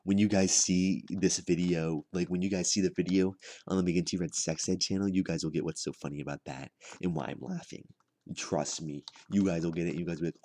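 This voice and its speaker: Deep-voiced man rambling in halting deadpan. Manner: halting, repeats words, lots of fillers. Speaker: comedy vlogger. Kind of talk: rambling deadpan comedy monologue.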